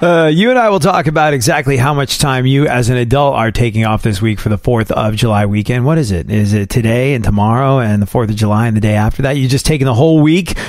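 A man's voice: medium pitch, fast, hardly any pauses, a little hiss or hum. A man hosting a solo podcast, talking in a chatty, wry way with asides and jokes. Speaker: podcast host.

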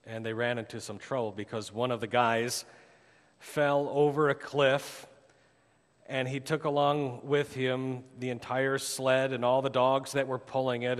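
Telling a story from the pulpit of a church sanctuary, this pastor, an adult man with a daughter, swings between dramatic rises and quiet, low drops for emphasis. A long reverb fills the recording.

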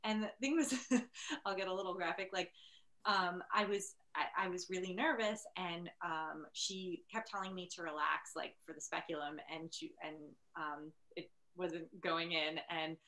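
A woman's voice: on the low side, steady tone, normal speed, fairly bright tone. A woman on a panel, chatting casually and telling a personal story with lots of fillers. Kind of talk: casual chat.

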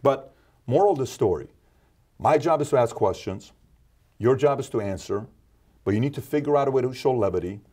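A man talking as an interview guest, emphatic and preachy, dropping from loud to low. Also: animated, fairly quick, long pauses. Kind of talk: casual interview talk.

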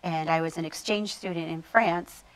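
Chatty low-voiced woman explaining tea. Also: steady tone, moderate pace, rough recording. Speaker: tea business owner, guest. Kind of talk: casual interview.

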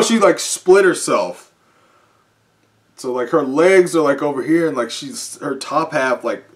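A man reading a comic live and reacting as he goes, often chuckling and halting with fillers. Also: fairly low pitch. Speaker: comic reviewer.

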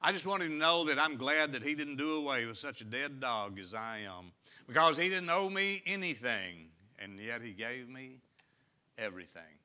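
Man pastor, sermon, forceful bright tone, folksy asides between scripture readings. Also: medium pitch, sing-song, normal speed. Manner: reads scripture then explains it with folksy asides. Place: church sanctuary.

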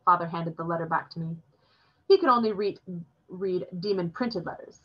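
A woman reading a novel chapter aloud in a steady, plain storytelling voice. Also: fairly low pitch, a little fast, lo-fi sound. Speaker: reader.

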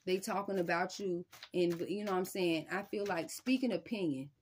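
A woman's voice: moderate pace, a little hiss or hum. Emphatic woman giving a spiritual reading. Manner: emphatic, repeats "y'all" and "I'm telling you"; casual, slangy, with sudden loud high bursts. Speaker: tarot reader.

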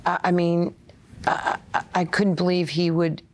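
A woman, an interview guest telling animated stories and acting out the voices of other people. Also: fairly low pitch, unhurried. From Brooklyn, USA. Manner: animated, acts out quoted voices. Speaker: interview guest, former player and coach. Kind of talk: storytelling interview.

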